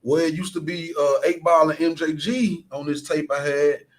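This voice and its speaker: A man, co-hosting a radio chat in a relaxed, reminiscing way. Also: fairly high pitch, normal speed. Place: radio studio.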